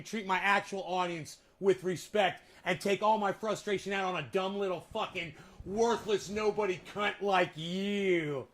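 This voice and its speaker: A man vlogging casually, profane and ranting, his voice jumping from shouted insults to low mumbles, and he coughs now and then. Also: fairly even intonation, unhurried. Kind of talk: casual vlog talk.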